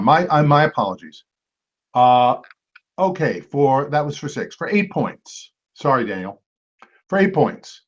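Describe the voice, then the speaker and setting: A man runs a trivia game, reading each clue twice in a lively voice that rises and falls a lot. Between questions he slips in chatty asides and quick apologies to the teams. The recording is dull and lo-fi. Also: medium pitch. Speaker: quiz host.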